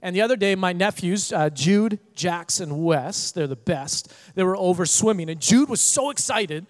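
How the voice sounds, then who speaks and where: A young man preaching a sermon. He tells funny family stories with lively energy, then turns quieter and earnest. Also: sits high, moderate pace. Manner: animated storyteller, quieter and earnest when preaching. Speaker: pastor. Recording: echoey hall.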